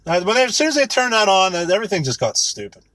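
A man's voice: high voice, very animated, fast, fairly bright tone, no room sound. A man in his thirties ranting with rambling sarcasm and heavy swearing, mocking things in put-on voices. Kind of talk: profane comedic rant.

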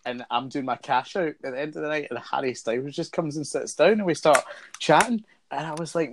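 A man's voice: mid-range voice, fast talker, creaky, a little hiss or hum. A man hosting a podcast, chatting casually with friends, telling stories and laughing often. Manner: banterous, anecdotal, laughs often. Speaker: podcast host. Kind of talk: casual chat.

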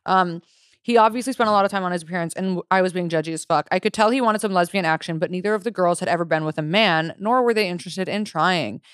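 A woman's voice: on the low side, quick pace, clear, resonant tone, no room sound, studio quality. A young adult woman co-hosting a podcast, reading listener stories aloud with joking asides in casual chat.

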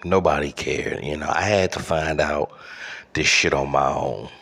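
A man's voice: rumbling low, a little slow, creaky, fairly bright tone. A man hosting a podcast, delivering a profane solo rant with exaggerated outrage and lots of fillers. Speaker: podcast host.

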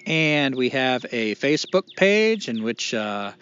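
In a dull lo-fi podcast recording, a male co-host rambles, curses, and pokes fun at himself. He speaks slowly in a mid-range voice with big pitch swings and a slightly bright, clear, resonant tone.

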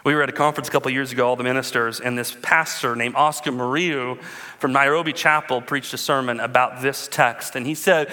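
A man in his thirties, a pastor preaching a sermon with animated storytelling and calls to the congregation. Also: medium pitch, brisk, big-room sound.

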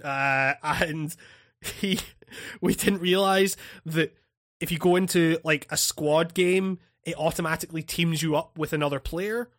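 High-voiced man telling a story, laughing. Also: steady tone, measured pace, a bit bright. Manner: laughing, profane storytelling with many restarts. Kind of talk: casual chat.

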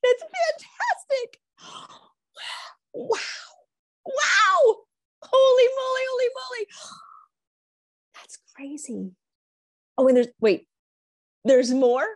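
A woman's voice: very high voice, sing-song, very slow, long pauses, no room sound, pitched above the performer's own voice, exaggerated voice. A woman acting out an overjoyed friend who is hearing great news, gasping and repeating her exclamations. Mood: ecstatic. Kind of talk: acted demonstration.

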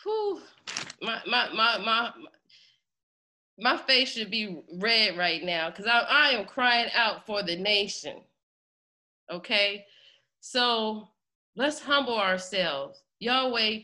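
A woman's voice: medium pitch, animated, slow pace, long pauses, bright, forceful tone. A woman hosting a congregation, preaching with fervent, pleading emotion and close to tears. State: near tears. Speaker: congregation host. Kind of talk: impassioned preaching.

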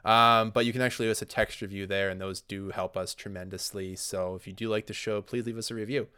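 A Canadian man co-hosting a podcast in casual chat, relaxed and informative, with rambling asides. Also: lowish voice, fast, clean tone. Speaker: podcast co-host.

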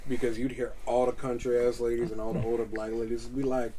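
A man hosting a podcast, telling profane, animated stories in casual chat on a studio mic. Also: mid-range voice, quick pace, far from the mic, a little hiss or hum. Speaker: podcast host. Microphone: studio microphone with headphones.

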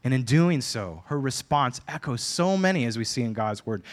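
A man delivers a sermon in an earnest, emphatic way. He drives his points home by repeating key phrases, in the steady manner of a pastor addressing his congregation. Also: medium pitch.

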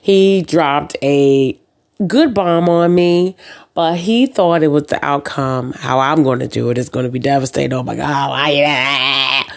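Podcast host, woman with a deep speaking voice; chatty storyteller who acts out dialogue, many ums and uhs. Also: unhurried, creaky. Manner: says "um" and "uh" often. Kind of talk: casual chat.

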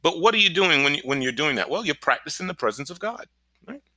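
A male pastor giving an encouraging podcast sermon, energetic and often checking in with "right?". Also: a little high, quick pace, no room sound. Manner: energetic, keeps asking "right?".

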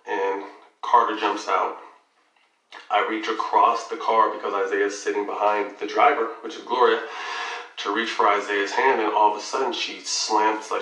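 A man's voice: lowish voice, reverberant, distant mic, poor audio. A man casually telling a long personal story, swearing freely and acting out the dialogue. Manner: profane, animated retelling with quoted dialogue. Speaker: guest telling his story.

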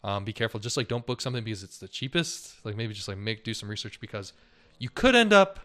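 A man's voice: fairly low pitch, very animated, fast, a bit bright. Chatty young man with loose filler talk. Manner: loose and chatty, heavy on "like" and "dude", laughs often. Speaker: podcast co-host. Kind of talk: casual chat, retelling news stories.

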